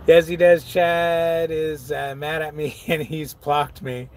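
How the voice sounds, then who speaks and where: A man's voice: a little high, slight background noise. Laid-back man chatting on a live stream. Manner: laid-back, laughs often, reads viewer comments aloud. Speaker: truck driver vlogger. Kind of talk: casual live-stream chat.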